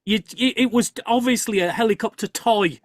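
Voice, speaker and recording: This live-show host spins an animated story in casual conversation, often halting and starting his sentences over. The pitch is middling and the pace fairly quick, recorded close and dry without any echo or room sound.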